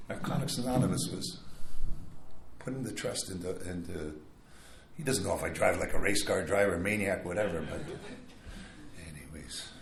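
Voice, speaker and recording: A man's voice: low-pitched, normal speed, gravelly, pauses often, slight background noise. An older man sharing his recovery story at a meeting in a rambling, casual way, with wry asides. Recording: echoey room, faint background.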